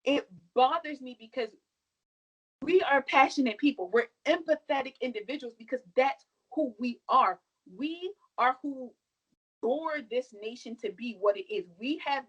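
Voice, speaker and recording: A young woman with a fairly high voice talks with force and conviction, pressing each point home. Her delivery is emphatic and a little sassy, like a guest on a podcast making her case. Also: normal speed, breathy edge, dull audio. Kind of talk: impassioned podcast discussion.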